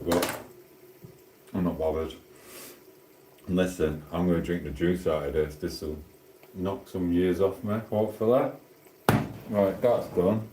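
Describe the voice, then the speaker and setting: Matey Sheffield man, low mellow voice. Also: a little hiss or hum. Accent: Sheffield Yorkshire. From Sheffield, South Yorkshire. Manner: rambling, matey banter with chat. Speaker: livestream host. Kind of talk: casual livestream chat while cooking. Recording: roomy echoing room.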